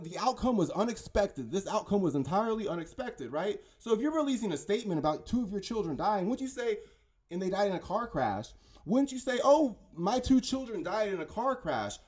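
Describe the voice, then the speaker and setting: A man's voice: high-pitched, a little mellow. A man talking in a casual, rambling monologue, insistent and often stumbling over his words. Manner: insistent, keeps asking "right?" and "okay?". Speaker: conspiracy commentator.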